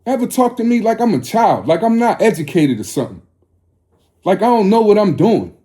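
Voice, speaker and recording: A man's voice: high voice, sing-song, a little fast, dark tone. A man in his forties delivering a confrontational, preachy monologue to his viewers, profane and scolding. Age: 40s. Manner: scolding, lecturing tone.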